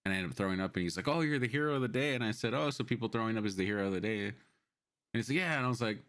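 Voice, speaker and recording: A man's voice: on the low side, very fast, a bit bright. A man co-hosting a casual podcast, telling a joking anecdote full of quoted back-and-forth. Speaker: podcast co-host. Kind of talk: casual chat.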